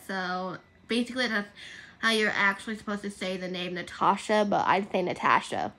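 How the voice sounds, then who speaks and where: A woman's voice: medium pitch, bright, forceful tone. A young woman chatting casually on her livestream, rambling and correcting herself as she goes. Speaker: livestream host.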